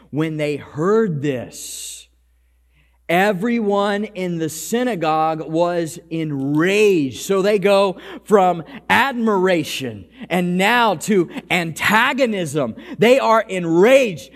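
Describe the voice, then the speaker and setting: High-voiced animated male pastor. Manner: animated storytelling, swinging between loud calls and quiet low lines. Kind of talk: sermon. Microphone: microphone.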